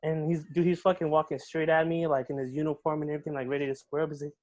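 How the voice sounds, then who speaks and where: A young man tells a story fast and with energy, his voice sitting a little high. He swears often and fills the talk with bro and dude. The sound is dull and lo-fi. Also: fairly even intonation, darkish tone. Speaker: podcast guest. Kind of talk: casual storytelling.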